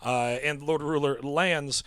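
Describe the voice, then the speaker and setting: A man's voice: a little high, steady tone, slow pace, fairly bright tone, clean tone, dry recording. A man narrating as game master of a tabletop role-playing game, talking with many restarts and small laughs. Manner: stumbling restarts, chuckling.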